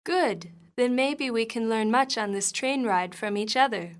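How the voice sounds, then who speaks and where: A woman reading scripted dialogue for an English lesson, in a clear, even manner. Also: on the high side, unhurried.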